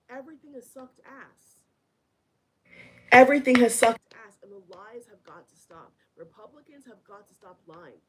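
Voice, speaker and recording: Husky woman ranting hard at the camera, audio keeps dropping out, blunt and cussing. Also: medium pitch. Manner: blunt, heated, profane, repeats phrases for emphasis. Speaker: vlogger. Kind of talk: angry reaction rant to camera. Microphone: headphones on. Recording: audio cutting in and out, level dropping.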